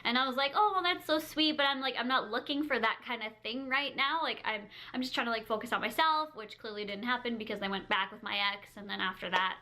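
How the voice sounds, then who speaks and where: A woman vlogger casually telling a personal story to camera, chatty, full of "like" and quick giggles. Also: a little high, steady tone, bright, forceful tone. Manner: chatty, heavy use of "like", frequent giggles.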